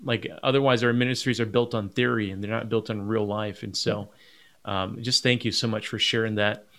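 A man's voice: lowish voice, fairly even intonation, normal speed, fairly bright tone. A man hosting a podcast, responding in an encouraging way and searching for words as he talks. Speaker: podcast host. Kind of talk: conversational podcast.

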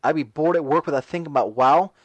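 A man's voice: a little high, fast talker, dry recording, highs cut off. A man hosting a casual talk radio show, reading and answering chat messages in a sarcastic, ranting way.

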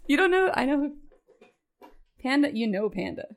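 A woman's voice: sits high, very animated, moderate pace. A woman co-hosting a casual gaming podcast, playful and teasing, swearing freely as she chats. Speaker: podcast co-host.

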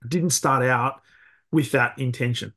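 A man hosts a podcast in a relaxed, casual way. He thinks aloud and trips over his starts, circling back before finishing a point. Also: mid-range voice. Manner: reflective, halting restarts. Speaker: podcast host. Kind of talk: casual interview talk.

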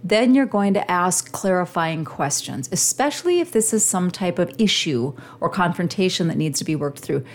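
A woman's voice: on the low side, lively intonation, normal speed, few pauses. A woman hosting a show, giving an earnest coaching talk straight to her listeners. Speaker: podcast host. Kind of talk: motivational teaching monologue.

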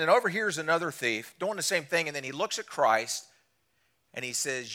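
A man preaching a sermon to a church congregation, asking them direct questions and swinging between loud emphatic lines and quiet low drops. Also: lively intonation, normal speed. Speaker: guest preacher. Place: church service.

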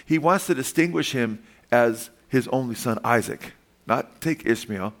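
An earnest male pastor delivering a sermon in a mid-range voice. He slows and softens on tender points, then lifts his voice with sudden emphasis. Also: medium pitch. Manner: earnest, shifts between soft and emphatic.

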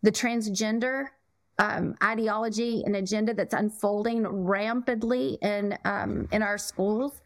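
A woman's voice: medium pitch, fairly even intonation, a little slow, no echo. Earnest woman, dry close sound. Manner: earnest, emphatic, repeats words. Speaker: podcast guest, parenting coach. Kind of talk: conversational interview.

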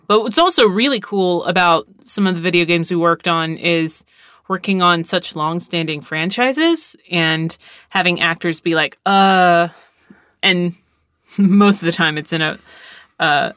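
A script supervisor and writer chatting on a podcast, telling lively stories and acting out quotes. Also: medium pitch, a little slow, smooth, no echo, studio quality. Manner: lively storyteller, acts out quotes, laughs often. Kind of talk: casual podcast chat. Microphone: close studio mic.

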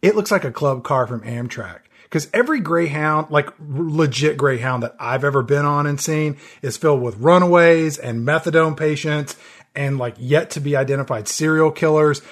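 A man's voice: a little high, moderate pace. A man co-hosting a casual movie-review podcast, full of wry, sarcastic asides. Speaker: podcast co-host.

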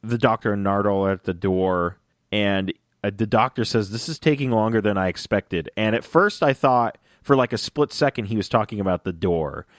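A man in a casual fan chat, talking excitedly and rambling, often acting out lines in little voices. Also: fairly low pitch, normal speed, dry recording, studio quality. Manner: excited, rambling, acts out quotes.

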